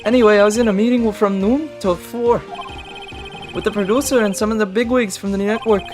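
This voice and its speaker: A woman's voice: medium pitch, fairly even intonation, fairly quick, darkish tone, voice pushed up, natural voice. A woman doing a brash slangy male director. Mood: casual. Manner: put-on made-up accent, brash and slangy. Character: odd male TV director, talks in internet slang. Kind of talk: reading game dialogue aloud. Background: game music.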